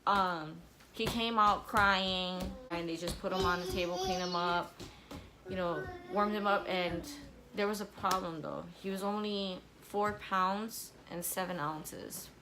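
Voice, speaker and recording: A woman's voice: on the low side, fairly even intonation, a little slow, noisy background. A young adult woman telling a personal story in a vlog, candid and emotional, sometimes tearful and apologizing. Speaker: vlogger.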